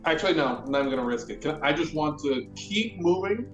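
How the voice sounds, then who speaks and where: A man's voice: on the high side, animated, quick pace, soft background music. Roomy, distant man, a game player. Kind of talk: casual game chat. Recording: roomy, distant, dull mic.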